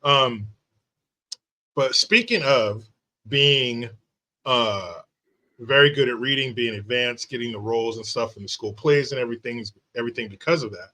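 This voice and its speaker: A man's voice: medium pitch, animated, normal speed, bright, forceful tone. A man hosting a casual interview, chatty and meandering as he sets up long questions. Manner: chatty, meandering, many fillers. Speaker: podcast host.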